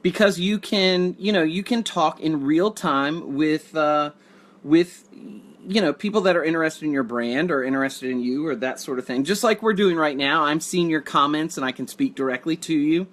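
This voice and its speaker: A man's voice: on the high side, moderate pace, a bit bright. A man hosting a casual live video, reading viewer comments and joking in a rambling, dry way. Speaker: livestream host.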